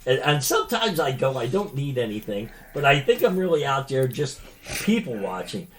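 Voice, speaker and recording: A man's voice: mid-range voice, big pitch swings, moderate pace, over a noisy crowd. Older man telling rambling funny stories. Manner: rambling, laughs often, crude jokes. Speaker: podcast co-host. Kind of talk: casual chat.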